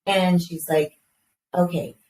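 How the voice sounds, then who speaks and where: Woman, 30s, slightly low voice, animated storyteller, casual swearing, distant mic, roomy echo. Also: slow. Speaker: podcast co-host. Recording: roomy, distant mic with faint background hiss.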